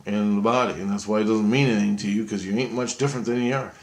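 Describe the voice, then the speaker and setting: A man's voice: lowish voice, fairly even intonation, fast talker, natural voice. A man quoting a stern male spirit guide in his own voice, blunt and insistent.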